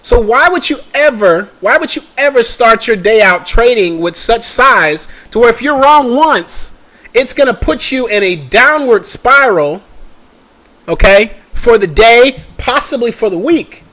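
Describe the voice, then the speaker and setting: A man's voice: very high-pitched, animated, a little slow, sharp tone. A young man giving a casual screen-share trading lesson, chatty and checking in with the viewer often. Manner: chatty, checks in with "okay?" and "right?" often, mutters at his computer. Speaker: trading educator.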